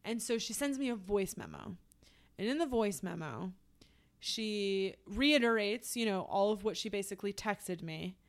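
Young woman, podcast co-host, casual storytelling, clear smooth voice, rambling with fillers. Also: mid-range voice, animated, normal speed. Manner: rambling, heavy use of "like", restarts.

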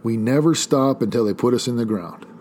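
A man's voice: mid-range voice, brisk, a little mellow, slight background noise. A man hosting a casual podcast on his own, rambling and joking, then giving motivational fitness advice like a coach. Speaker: podcast host. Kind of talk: casual solo podcast talk.

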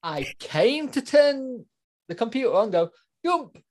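A man's voice: very high voice, sing-song, measured pace, darkish tone. A man, co-hosting a podcast and chatting casually as a parent, telling rambling, self-mocking stories. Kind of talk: casual chat.

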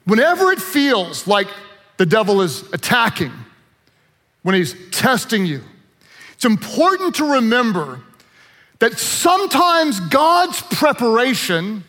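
A man preaching a sermon as pastor, animated and playful, acting out quotes with humor. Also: high-pitched, unhurried, in a large hall.

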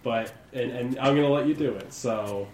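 A man's voice: medium pitch, moderate pace, echoey room, noisy background. A man running a tabletop game as game master, casual, laughing and swearing.

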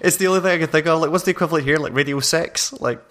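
A young man co-hosting a podcast, his voice hoarse from a recent illness, rambling and restarting his sentences in casual chat. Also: fairly high pitch, rapid-fire, a bit bright. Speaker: podcast co-host.

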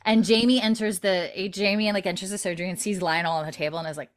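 A woman's voice: mid-range voice, fairly even intonation, quick pace. A woman in casual chat, animatedly recapping a TV episode, laughing and swearing as she tells it.

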